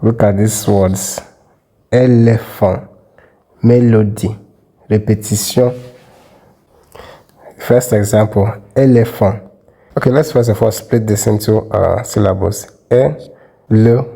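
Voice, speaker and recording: Male language teacher, dark mellow tone, patient step-by-step explainer. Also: fairly low pitch, steady tone, gravelly, husky, poor audio. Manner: methodical, repeats example words slowly. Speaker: French teacher. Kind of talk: explanatory lesson.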